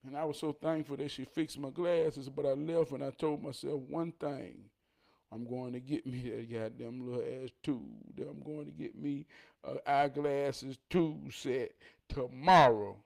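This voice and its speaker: A man telling a personal story as a life lesson. He swings between loud, animated bursts and low, quiet asides. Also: measured pace, gravelly. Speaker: motivational vlogger.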